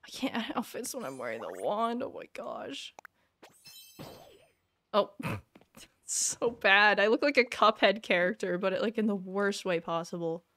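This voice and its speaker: A woman's voice: medium pitch, very animated, a little slow, pauses often, a bit bright. A woman live-streaming a video game, chatting casually with her viewers and reacting with frequent self-deprecating exclamations. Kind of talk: casual live-stream chat while gaming.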